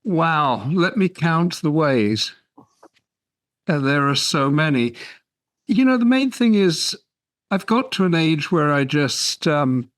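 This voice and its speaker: A man guesting on a casual podcast as an editor and author, wry and unhurried, chuckling as he talks. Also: on the high side. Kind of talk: casual chat.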